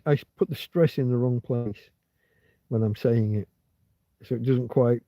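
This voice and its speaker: Out in a field, a man hosts a casual livestream, rambling and digressing as he chats. His voice is mid-range with no echo, and the recording sounds dull, lo-fi, and dry.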